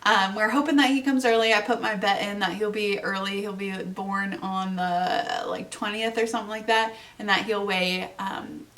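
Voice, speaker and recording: A woman's voice: medium pitch, steady tone, normal speed, hardly any pauses, a bit bright, recorded from a distance. Bubbly chatty young woman podcaster. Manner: chatty and bubbly, lots of fillers. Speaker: podcast host. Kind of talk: casual solo podcast chat.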